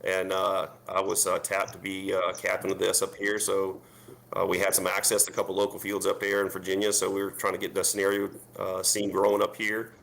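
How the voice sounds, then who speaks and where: A man's voice: sits low, completely flat delivery, fairly quick, gravelly, fairly bright tone. A man, a paintball team captain, talking casually on a video-call panel in a rambling way with lots of fillers.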